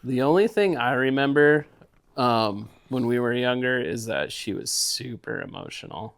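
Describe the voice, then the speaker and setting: A man co-hosts a podcast in easygoing chat, and his pitch bounces all over as he talks. He tells stories with real animation and loves mimicking people. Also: expressive, normal speed, clean tone. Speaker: podcast co-host. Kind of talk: casual chat.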